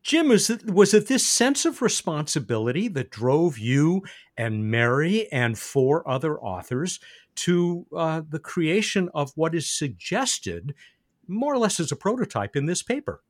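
Lively male radio host. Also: on the high side, measured pace. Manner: lively, chatty, jokey asides. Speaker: podcast host. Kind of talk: radio interview.

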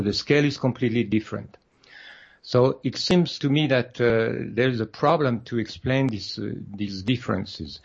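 Male guest, husky and low, halting speech full of "uh"s, muffled lo-fi audio. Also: darkish tone. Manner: hesitant, many fillers and restarts. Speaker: guest author. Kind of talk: interview over a phone line.

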